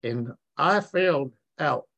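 A man's voice: on the high side, animated, very slow, gravelly, pushed and bright. Folksy man telling his story. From West Virginia. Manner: folksy storyteller acting out quoted voices. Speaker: recovery meeting speaker. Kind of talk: personal testimony. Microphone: video call.

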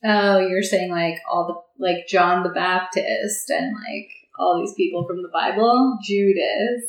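A woman's voice: on the low side, measured pace, echoey room, poor audio. A woman co-hosting a casual podcast chat, rambling and curious, laughing often and swearing freely.

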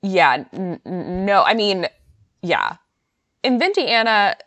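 A woman co-hosting a podcast in casual chat, animated and quick to laugh. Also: mid-range voice, no room sound. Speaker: podcast co-host. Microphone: podcast mic.

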